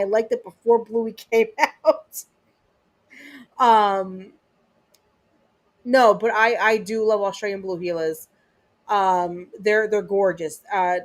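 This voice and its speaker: A woman livestream host in her thirties chatting loosely with her viewers. She rambles, swears freely and trips over her words, full of "um"s and restarts, in a voice of middling pitch. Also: steady tone, measured pace. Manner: rambling, profane, many fillers and restarts. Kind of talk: casual chat with viewers.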